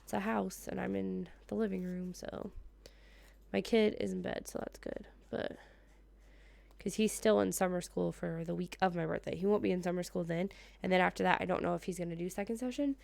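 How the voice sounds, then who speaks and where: A woman's voice: lowish voice, fairly even intonation, brisk, gravelly, a little mellow, dry recording. A woman in her thirties from the United States, chatting casually in her living room as she decorates a planner, laughing often and muttering to herself. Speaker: planner vlogger. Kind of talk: casual plan-with-me chat.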